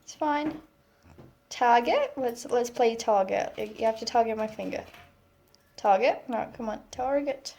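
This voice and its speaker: A woman's voice: fairly high pitch, measured pace, gravelly, dark tone. A woman talking to her pet parrot in playful baby talk, coaxing it with short, repeated cues in a sing-song way, at home.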